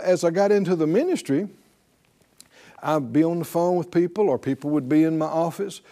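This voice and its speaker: A middle-aged man preaches in a relaxed, storytelling way. His voice sits a little high but sounds mellow and soft-edged. He laughs often and slips into lively voices when quoting others. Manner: chatty, laughing, acts out quoted voices. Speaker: pastor teaching a faith class. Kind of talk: folksy sermon teaching.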